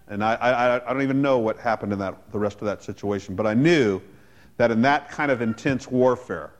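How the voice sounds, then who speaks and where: A man, a pastor, preaching a sermon in a conversational way with joking asides. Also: medium pitch.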